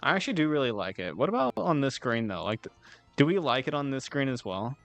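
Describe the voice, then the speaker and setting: A man's voice: medium pitch, very animated, fast talker, creaky, no room sound, soft background music. A man streaming and chatting casually with his viewers, rambling in a laid-back way, swearing now and then and giggling often. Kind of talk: casual chat with live chat.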